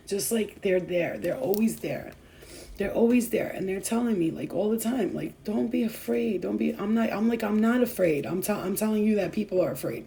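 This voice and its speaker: Young woman vlogger, heartfelt and rambling, tearful edge, gravelly mellow voice, faint noise behind. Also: lowish voice, rough recording. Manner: rambling, heartfelt, many fillers and restarts. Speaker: spiritual vlogger. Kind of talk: emotional casual talk to viewers.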